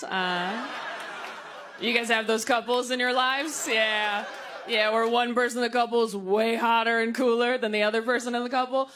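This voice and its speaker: A young woman doing a playful stand-up set on a club stage, laughing at her own jokes. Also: a little high. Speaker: stand-up comedian. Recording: live club recording with noise. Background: audience laughter.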